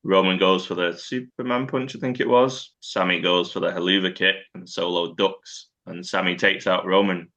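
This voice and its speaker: A man's voice: sits low, moderate pace, hardly any pauses, highs cut off. A man, chatting casually on a podcast and recapping wrestling, acting out quotes and swearing freely. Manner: animated storytelling, acts out quotes, swears. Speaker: podcast co-host.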